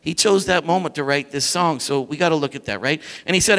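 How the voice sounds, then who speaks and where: A man preaching a sermon as pastor, animated and building to shouts as he reads scripture. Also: on the high side, fast talker, hardly any pauses. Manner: dynamic preaching, rising to shouts when reading scripture. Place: church sanctuary. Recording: church hall reverb.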